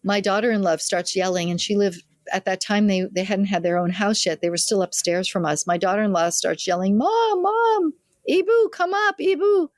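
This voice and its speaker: Talking fairly quickly with hardly any pauses, an older midwife in an interview tells family stories, acting out the people she quotes with lively flair. Her voice sits on the low side, and the studio-quality recording has no echo.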